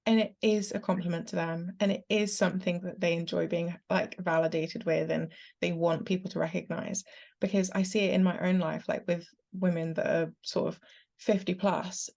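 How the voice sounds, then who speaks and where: A woman host with a lowish voice that has a gravelly edge. She talks earnestly and reflectively in relaxed interview chat, building her questions up in long layers. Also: moderate pace. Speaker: podcast host.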